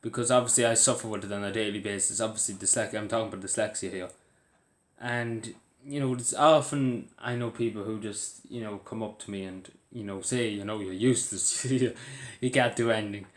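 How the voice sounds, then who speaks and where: A man's voice: fairly low pitch, steady tone, fairly quick, reverberant. A man with an Irish accent talking earnestly to camera in a rambling, casual way, full of fillers and restarts. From Ireland. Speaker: vlogger.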